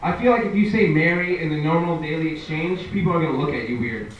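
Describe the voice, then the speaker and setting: This young man's voice is a little high and he talks fast, though the recording is muffled. Doing stand-up at a live comedy venue, he chats conversationally and plays the people in his stories; the sound is echoey, distant, and noisy.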